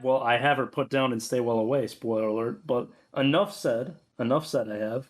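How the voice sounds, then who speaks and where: A young man co-hosting a casual, jokey chat that ranks game characters, his voice jumping up high for playful bits. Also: normal speed, few pauses. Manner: animated, jokey, pitch jumps up for bits. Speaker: co-host ranking game characters. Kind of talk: casual banter.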